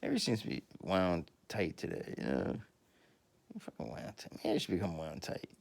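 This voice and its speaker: A man in a rambling, profane monologue who laughs often and swings from mumbling to shouting. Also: deep voice, big pitch swings, a little fast, creaky. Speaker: video host.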